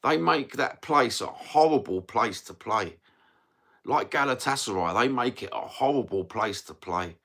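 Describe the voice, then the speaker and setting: A man's voice: mid-range voice, animated, measured pace, sharp tone. A man talking passionately to viewers on a live stream, swearing and firing rhetorical questions about his football club. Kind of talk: ranting live stream monologue.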